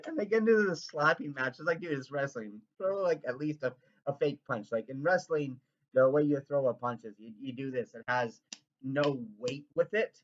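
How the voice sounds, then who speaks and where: A man from Canada rambling in an excitable, profane, casual rant. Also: mid-range voice, moderate pace, dull audio. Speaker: vlogger.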